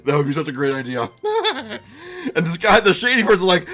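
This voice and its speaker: Man, streamer game master, bright and lively, giggly narration, faint music behind. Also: on the high side, moderate pace. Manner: animated, giggly, chatting with viewers.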